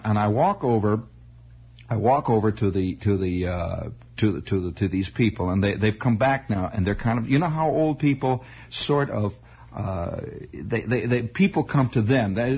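A man telling a long personal story in a rambling, halting way, full of restarts and wry asides. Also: mid-range voice, a little mellow, husky. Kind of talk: comic spoken storytelling.

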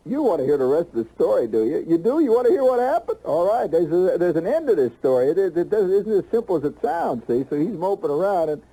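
Rambling folksy male storyteller, dark husky tone, slightly higher pitch. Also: sing-song, fast talker, few pauses, low-quality recording. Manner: folksy and rambling, full of "you know" and restarts. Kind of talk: rambling comic storytelling monologue.

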